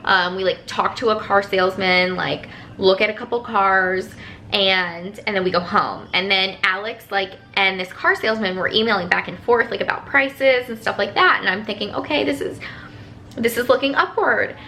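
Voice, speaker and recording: A woman's voice: medium pitch, fairly even intonation, moderate pace, sharp tone, a little hiss or hum. A woman telling a personal story to her viewers in a casual, rambling vlog, full of "like" fillers. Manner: chatty, rambling, lots of "like" fillers. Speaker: vlogger.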